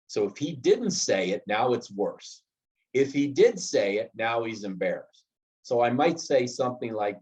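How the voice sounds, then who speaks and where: A middle-aged man leads a leadership class in an even, mid-pitched voice. He works through workplace examples step by step and acts out short bits of dialogue. The recording sounds a little dull and lo-fi. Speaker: leadership trainer. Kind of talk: classroom lecture.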